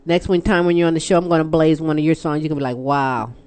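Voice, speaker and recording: A woman's voice: low voice, little pitch movement, racing, dark tone, smooth. A woman from Texas, hosting a radio talk show in a playful, teasing way and laughing often.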